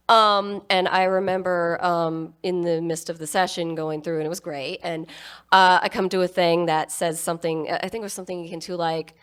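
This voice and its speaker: A woman's voice: on the low side, fairly bright tone. A woman on a convention panel telling stories with many fillers and restarts, but with enthusiasm. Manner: halting, filler-heavy, enthusiastic. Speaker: voice actor panelist. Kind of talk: casual convention panel storytelling.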